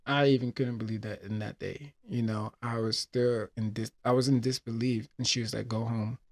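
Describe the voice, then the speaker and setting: A man's voice: medium pitch, fairly even intonation, normal speed. Emotional man retelling a story. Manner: emotional, rambling retelling with many fillers. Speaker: podcast host. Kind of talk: casual personal talk.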